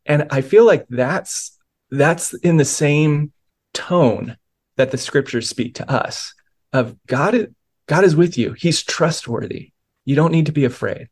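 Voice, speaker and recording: A man's voice: on the high side, slow pace, darkish tone, husky. Earnest pastor telling his story. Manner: earnest, reflective, many restarts. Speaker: guest, pastor and author. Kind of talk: podcast interview, personal testimony.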